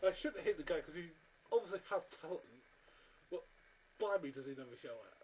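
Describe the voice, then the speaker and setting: Brief: man in a casual ranting review, fairly high voice, blunt and fed up. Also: lively intonation, a little fast, darkish tone, slight background noise, poor audio. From Britain. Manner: blunt, exasperated, lots of restarts. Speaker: film reviewer.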